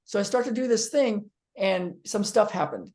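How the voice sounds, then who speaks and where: Male therapist telling a personal story on camera, lively and rambling. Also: high voice, moderate pace. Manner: animated storyteller, acting out quotes; frequent ums and restarts. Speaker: physical therapist. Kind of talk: storytelling monologue to viewers.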